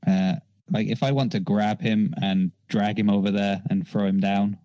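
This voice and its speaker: A man's voice: fairly low pitch, fairly even intonation, normal speed, warm tone, no echo, rough recording. A man playing a tabletop game, talking through plans in a playful, scheming way and chuckling now and then. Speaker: player. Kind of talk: casual tabletop game play.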